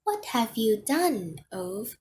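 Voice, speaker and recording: A woman voicing a curious young mother with a bright, questioning manner. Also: on the high side, big pitch swings, slow, a little hiss or hum.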